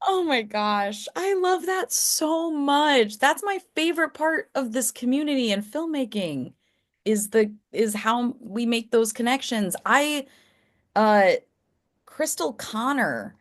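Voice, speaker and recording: A woman guest on a podcast, chatting casually in an effusive, animated way and laughing often. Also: on the high side, a little slow. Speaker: guest, film company marketing executive.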